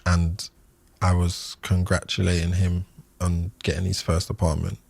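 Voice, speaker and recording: A man in his thirties, a podcast guest, recalling a loss in a halting way with many fillers and restarts. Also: deep voice, monotone, gravelly, darkish tone, breathy edge, dry recording. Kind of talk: emotional interview recollection.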